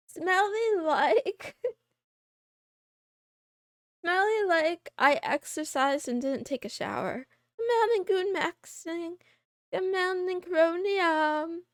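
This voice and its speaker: A woman's voice: very high-pitched, no echo, studio quality. A woman VTuber chatting casually on a live stream, greeting her chat by name and joking and complaining about herself. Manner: playful, greets chat by name, meows and giggles; complaining, self-deprecating.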